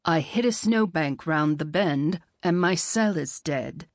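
A woman voicing a charming, stranded young man with a deep, raspy voice and a slight British-Scottish lilt, in an audiobook. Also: expressive, slow pace, dry recording, studio quality, heavily acted. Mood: pleading.

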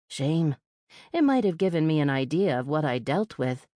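A woman narrates first-person fiction with a wry, sardonic edge. Her voice sits low, and the dry studio sound keeps it close. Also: very animated, normal speed, warm tone, no echo. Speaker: audiobook narrator.

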